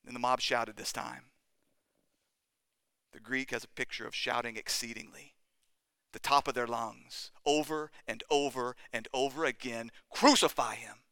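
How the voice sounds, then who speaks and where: A man preaching a sermon as pastor, with impassioned delivery that rises to loud cries at the climaxes. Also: medium pitch, steady tone, a little slow, vocal fry, pauses often, clear, resonant tone, dry recording.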